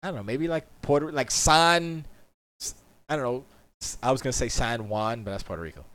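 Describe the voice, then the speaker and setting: A man's voice: medium pitch, a little fast, a bit bright. A man chatting casually on a live stream from his home studio, rambling and opinionated, often mocking what others say.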